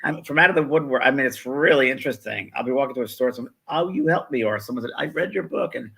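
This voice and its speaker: A man's voice: medium pitch, expressive, fast, gravelly, bright, forceful tone, breathy edge. A man in his sixties, co-hosting a live spiritual show, telling stories in a chatty way and acting out what people said. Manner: chatty storyteller, acts out quoted voices. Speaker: co-host, spiritual medium. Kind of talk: casual chat.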